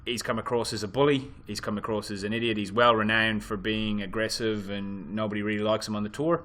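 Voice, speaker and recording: A man's voice: lowish voice, little pitch movement, fairly quick, a bit bright. A man co-hosting a sports show, bantering and teasing in casual chat. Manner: joking, teasing.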